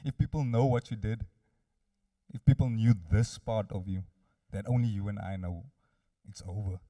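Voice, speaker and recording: Taunting male accuser spirit, mocking and threatening, put on by a male preacher, low tone. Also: steady tone, normal speed, warm tone, lightly acted.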